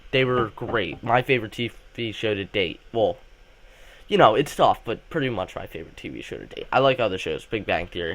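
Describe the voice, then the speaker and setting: A young man, a student, hosting a casual fan vlog, rambling excitedly with lots of fillers and restarts while coming down with a cold. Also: on the low side. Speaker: channel host.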